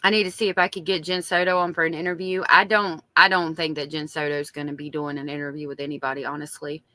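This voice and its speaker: A woman's voice: sits low, flat delivery, fast talker, pushed and bright, no room sound. A woman with a strong Southern accent, reading diary entries aloud on a true crime live stream and chatting with viewers in between. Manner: chatty, reads diary aloud and reacts to chat.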